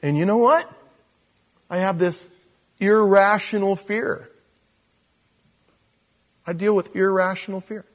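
Man, pastor, sermon, high voice, animated, self-deprecating humor, acts out quotes. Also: takes it slowly, pauses often.

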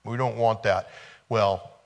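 A man's voice: fairly low pitch, fairly even intonation, slow, vocal fry. A man preaching a conversational sermon, retelling a film scene and repeating rhetorical questions.

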